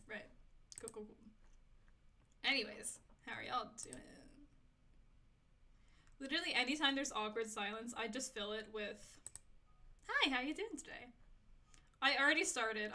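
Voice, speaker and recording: A woman's voice: fairly high pitch, bright, forceful tone. A young woman streaming a game, chatting casually and rambling to her viewers while she fiddles with settings. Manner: chatty, self-talking, giggly, rambling to chat. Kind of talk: casual live-stream chat while gaming.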